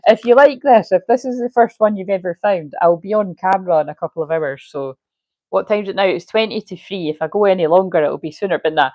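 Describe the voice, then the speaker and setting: A woman's voice: medium pitch, quick pace, a little mellow, dry recording, low-quality recording. A woman giving a casual livestream tarot reading, chatty, swearing freely and laughing often. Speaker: tarot reader.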